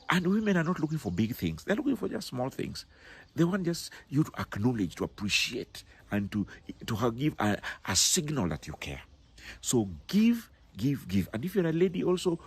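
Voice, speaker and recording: A middle-aged business and personal growth speaker gives motivational marriage advice in a fairly low voice with a breathy edge. He is emphatic and keeps repeating his key words.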